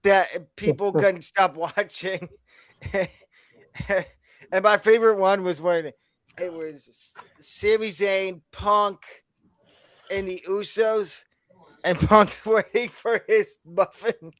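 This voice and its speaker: High-voiced man in casual sports chat. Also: slow pace, a bit bright, no room sound. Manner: laughs often while talking. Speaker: podcast co-host.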